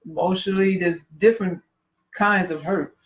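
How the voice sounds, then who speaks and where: High-pitched man on muffled stream audio. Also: fairly even intonation, moderate pace, slight background noise. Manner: earnest, preachy, sometimes stumbling. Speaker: podcast co-host. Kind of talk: casual chat. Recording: dull lo-fi livestream audio.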